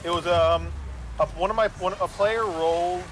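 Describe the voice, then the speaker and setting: With a voice that sits high, a steady tone, and a moderate pace, a game master casually tells the story of a tabletop game. He wanders off track, swears, and repeatedly checks in with "right?"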